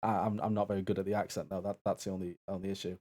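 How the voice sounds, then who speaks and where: A man's voice: low voice, level tone, racing, mellow. A man co-hosting a charity live stream in casual banter, easygoing and often restarting his words. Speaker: co-host and assistant of a stream event.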